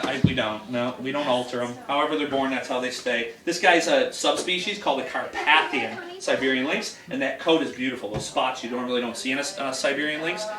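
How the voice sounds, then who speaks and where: Inside a house, a chatty male exotic animal handler and educator with a mid-range voice handles an animal while laughing through jokey stories. The home video recording is roomy and distant, with noise in the background.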